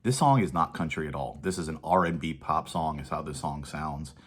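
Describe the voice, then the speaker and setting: Very deep husky man reviewing songs. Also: a little fast. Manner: casual, thinking aloud with many fillers. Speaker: music reviewer. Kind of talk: casual track-by-track review.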